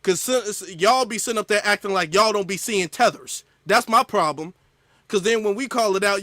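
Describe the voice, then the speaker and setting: A man hosting a reaction commentary, animated and mocking. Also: high voice, moderate pace, dry recording, clean studio sound. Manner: animated, mocking impressions of others. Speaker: commentary host.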